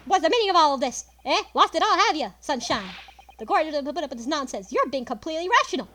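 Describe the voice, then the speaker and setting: A brash, loud police inspector, as a woman plays him who blusters and bristles. His voice is raised and energetic and swings widely in pitch. He talks gruffly with a streetwise edge. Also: quick pace, full character voice. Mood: indignant.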